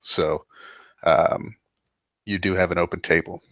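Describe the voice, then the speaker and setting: A man's voice: sits low, steady tone, measured pace, fairly bright tone, no echo. A man narrating as game master, rambling with lots of fillers and restarts.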